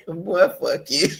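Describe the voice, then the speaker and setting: American woman co-host: husky, bright, unhurried; animated pitch, blunt profane roasting. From United States. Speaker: podcast co-host. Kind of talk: casual chat.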